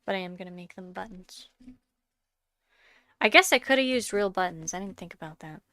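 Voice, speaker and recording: The sculpting vlogger, congested and coughing, talks casually as she describes her work, groping for words and sometimes whispering. Her fairly low voice is expressive, a little fast, pushed and bright, with no echo.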